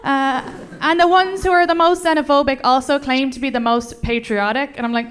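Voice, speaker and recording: A young Irish woman with a rather high voice works through a stand-up set in an Irish accent, dry and conversational with punchlines that pop. She speaks into a handheld mic on a club stage, and the live room carries clear background noise. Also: fairly even intonation, fairly quick, hardly any pauses, fairly bright tone. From Ireland. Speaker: stand-up comedian. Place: comedy club stage with laughing audience.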